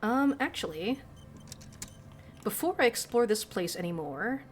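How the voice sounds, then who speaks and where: A woman's voice: on the high side, very animated, unhurried. A woman streamer giving casual, profane, self-deprecating commentary while reading game text aloud.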